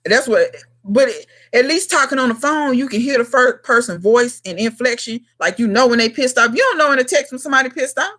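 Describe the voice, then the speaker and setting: A woman's voice: sits high, lively intonation, a little fast, fairly bright tone. A woman in her thirties hosting a casual livestream chat, talking bluntly to her viewers in slangy, emphatic speech. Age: 30s. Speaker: gardening channel host.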